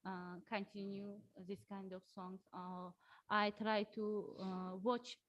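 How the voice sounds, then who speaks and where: A woman course participant with an Uzbek accent answers a question in halting English with many pauses. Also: medium pitch, little pitch movement, dull audio. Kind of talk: answering in class.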